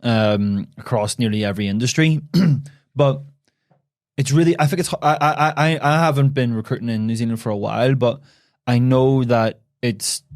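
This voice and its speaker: A man's voice: mid-range voice, normal speed, darkish tone, no room sound, clean studio sound. A man with a Northern Irish accent, a podcast guest chatting casually with many restarts and asides. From Northern Ireland. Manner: chatty, frequent restarts and "you know". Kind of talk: casual interview chat.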